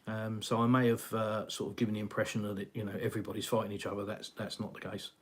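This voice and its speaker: A man's voice: fairly low pitch, little pitch movement, fast, husky. Rambling English man hosting a live chat. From England. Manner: rambling, conversational, frequent fillers and sighs. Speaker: live stream host. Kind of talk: casual live chat reading viewer comments. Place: home, in Russia.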